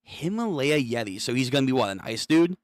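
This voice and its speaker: Hyped young man reacting, lively pitch. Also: a little fast, no echo, studio quality. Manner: hyped, swearing slangy reactions. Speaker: comic read-through host. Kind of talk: casual reaction reading.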